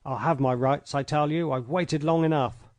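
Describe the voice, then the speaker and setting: A man reading an audiobook, voicing a hot-tempered English gentleman who blusters and makes demands. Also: a little high, fairly even intonation, normal speed, dry recording, lightly acted. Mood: angry. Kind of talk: audiobook character voice.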